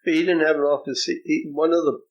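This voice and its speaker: A man's voice: a little high, little pitch movement, fast, lo-fi sound. An older man from New Jersey, an interview guest telling a personal story in a reflective way, often repeating words as he starts sentences.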